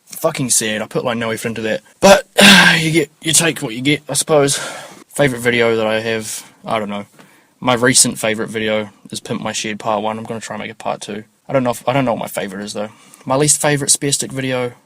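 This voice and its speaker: A man's voice: lowish voice, steady tone, quick pace, fairly bright tone, no echo. Swearing, rambling New man. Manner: rambling, swears freely, offhand. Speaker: podcast host. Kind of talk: casual solo podcast chat.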